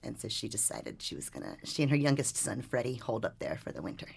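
A woman reporter tells a story with lively energy. Her voice is low and a little husky. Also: quick pace. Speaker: newspaper reporter, podcast regular. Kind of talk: storytelling and casual chat.

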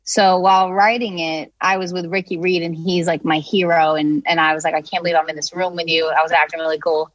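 A woman's voice: fairly low pitch, flat delivery, a little fast, few pauses, no room sound, muffled recording. A woman, a singer-songwriter, chatting casually and telling a story with lots of fillers, acting out the lines she quotes.

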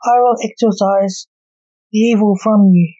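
A woman voicing a female psychic medium who speaks in grave, slow pronouncements. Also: medium pitch, steady tone, dark tone, slightly rough, no echo. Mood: solemn. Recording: dull lo-fi recording.

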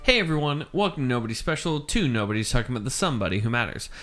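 A man's voice: mid-range voice, sing-song, racing, loud music behind the voice. A young man hosting a casual faith podcast, rambling and poking fun at himself. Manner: rambling, self-deprecating, restarts often. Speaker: podcast host. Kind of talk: casual chat.

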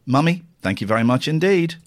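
A man hosting a live radio show, talking in a rambling, jokey way that swings between excited and muttered. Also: fairly high pitch, a little fast. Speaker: radio host. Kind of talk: casual live radio chat.

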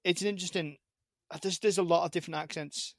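A man's voice: a little high, steady tone, quick pace, dry recording, studio quality. A man with a strong British accent, a guest on a podcast, chatting casually over a video call with many restarts. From Britain. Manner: rambling, many restarts and repeated words. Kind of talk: casual chat.

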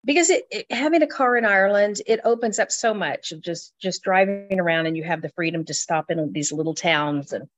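A woman's voice: fairly low pitch, fairly quick, few pauses. A woman, a travel advisor, chatting casually on a radio travel show and often repeating words as she thinks.

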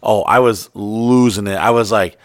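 A man's voice: fairly low pitch, normal speed, dry recording, clean studio sound. A man co-hosting a podcast, ranting angrily with lots of swearing in casual chat. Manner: angry ranting, heavy swearing. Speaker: podcast co-host.

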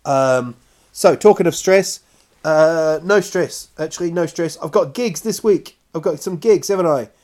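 Male comic, storytelling monologue, slightly high voice, unhurried delivery, self-mocking. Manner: animated, self-mocking, acts out sounds and voices. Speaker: comedian. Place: lives in Stockholm.

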